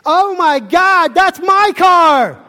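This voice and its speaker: A man voicing an entitled woman shopper who complains loudly about poor service. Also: very high voice, lively intonation, slow, pitched above the performer's own voice, heavily acted. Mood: shrieking.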